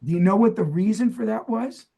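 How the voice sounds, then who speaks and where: A man's voice: high-pitched, brisk, gravelly, dark tone. A middle-aged man from New Jersey co-hosting a podcast, chatting loosely and quizzing his partner with plenty of fillers. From New Jersey, USA. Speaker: podcast co-host. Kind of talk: casual chat, trivia quiz.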